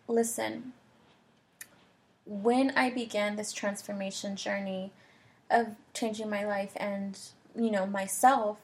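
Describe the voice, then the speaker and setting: A young woman hosting a solo podcast, talking in an earnest, emotional, reflective way with soft laughs. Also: mid-range voice, breathy edge. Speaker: podcast host.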